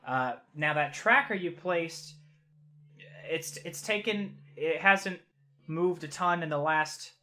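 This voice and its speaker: A man voicing a practical adult male radio contact in a tabletop game, reporting haltingly with many restarts. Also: fairly high pitch, sharp tone. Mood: informative.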